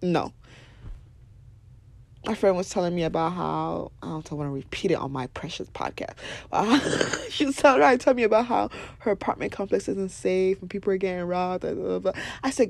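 A young woman hosting a podcast, giving blunt, animated motivational talk, swearing freely and laughing often. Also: lowish voice, normal speed, vocal fry, no echo. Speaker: podcast host.

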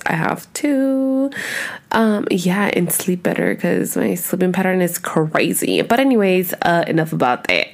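A young woman talks loosely into her podcast mic, wandering off-topic and cussing freely. Her voice sits at a middle pitch, and her delivery is chatty and unpolished. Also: a little mellow. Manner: rambling, chatty, cusses a lot. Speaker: podcast host. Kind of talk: casual chat.

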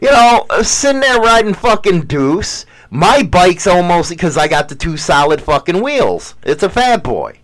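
A man with a high, animated voice that swings all over the place, talking in loose casual banter. He is crude and swears constantly, boasting and half-preaching his opinions as he jokes around with his co-host. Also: measured pace, few pauses. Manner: profane, boastful, mock-preaching. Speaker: podcast co-host.

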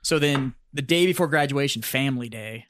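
A man's voice: medium pitch, brisk, fairly bright tone, slight background noise. A man hosting a podcast, telling a profane, rambling story about his army basic training. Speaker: podcast host, army veteran.

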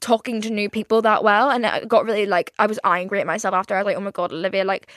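A woman's voice: medium pitch, flat delivery, fast talker, fairly bright tone, dry recording, clean studio sound. A young woman hosting her own podcast, chatting casually and rambling with lots of swearing and fillers. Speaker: podcast host. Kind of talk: casual solo podcast chat.

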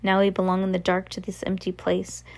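A woman reading aloud and voicing sorrowful ghost children who speak slowly and mournfully. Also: mid-range voice, monotone, darkish tone, close to an everyday voice. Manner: slow, mournful, drawn-out. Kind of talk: audiobook reading.

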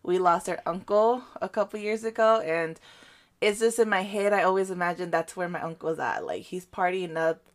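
A young woman from a Guatemalan family chatting casually, telling an animated story with frequent laughs and lots of "like". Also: fairly low pitch, moderate pace. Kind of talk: casual chat.

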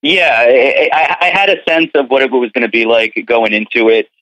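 A man with a Philadelphia accent, calling in as a podcast guest and chatting in a relaxed way with many fillers. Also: mid-range voice, moderate pace, dry recording. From United States. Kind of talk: casual chat on a phone line. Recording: thin phone-line audio.

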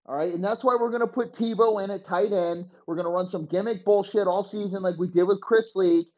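A man playing a scheming middle-aged football coach who bossily lays out a plan, in a higher voice than his own. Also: steady tone, brisk, a little mellow, dull audio, natural voice. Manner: bossy, plotting, explaining a scheme.

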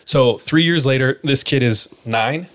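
A man's voice: mid-range voice, measured pace, fairly bright tone. A man hosting a podcast, casually retelling a spooky story, leaning on "like" as he talks. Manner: casual, filler-heavy retelling with frequent "like". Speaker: podcast host.

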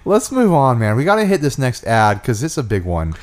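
A man's voice: mid-range voice, wildly swooping pitch, brisk. A man co-hosting a casual podcast chat, talking loosely with fillers and teasing his co-host. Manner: chatty, teasing, thinks aloud with fillers.

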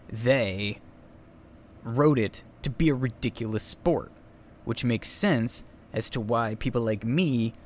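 Young man, solo podcast host, mid-pitched, casual and rambly, faint hiss behind. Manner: chatty, rambling, self-correcting asides.

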